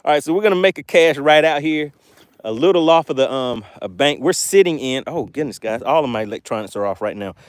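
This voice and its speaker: A man's voice: medium pitch, lively intonation, a little fast, clear, resonant tone, dry recording. A man hosting a live fishing stream from a boat, chatting casually and laughing as he reads viewer comments aloud. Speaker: fishing channel host.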